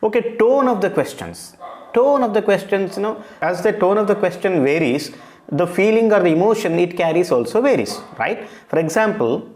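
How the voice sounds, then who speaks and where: High-voiced Indian English teacher, echoey room. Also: male voice, expressive, a little fast, darkish tone. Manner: explanatory, repeats phrases and checks with "right?". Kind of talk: recorded lecture.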